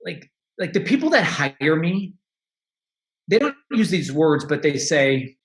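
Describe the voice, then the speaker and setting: On a podcast, a guest who works as a money coach speaks a little slowly in a voice on the high side with big pitch swings, in an echoey room. He's candid and reflective about his life in casual interview talk, frequently restarting and laughing.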